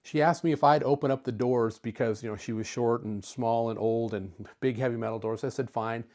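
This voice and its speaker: A man's voice: mid-range voice, fairly even intonation, brisk, a little mellow. Easygoing middle-aged man telling a story. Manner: chatty, easygoing, with filler words. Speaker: retro computer YouTuber. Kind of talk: casual storytelling to camera.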